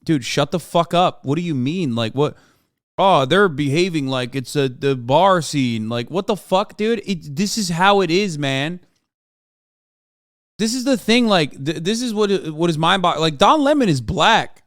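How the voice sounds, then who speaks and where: A man's voice: sits high, animated, normal speed, fairly bright tone, dry recording, clean studio sound. A man streaming a reaction, ranting angrily and emphatically with heavy profanity. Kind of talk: heated livestream reaction commentary.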